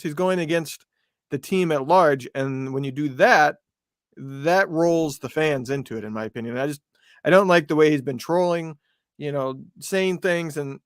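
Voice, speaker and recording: A man's voice: fairly high pitch, clear, resonant tone, no echo, studio quality. Opinionated man on a podcast. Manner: opinionated, lots of fillers and restarts. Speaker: podcast co-host. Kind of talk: casual podcast chat.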